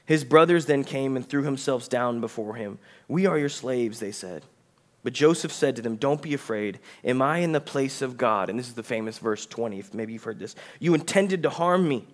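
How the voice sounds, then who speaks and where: Man preaching a conversational sermon. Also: mid-range voice. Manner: conversational, asks the congregation questions; reads scripture aloud, slows for emphasis. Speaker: pastor.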